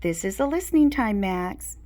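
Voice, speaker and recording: A woman's voice: mid-range voice, normal speed, lightly acted. A woman doing a patient young teacher. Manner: calm, firm, kindly.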